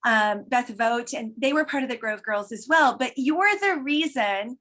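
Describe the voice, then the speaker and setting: A woman's voice: fairly high pitch, animated, moderate pace, fairly bright tone. Chatty woman hosting a book talk. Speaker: host. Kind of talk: casual interview chat.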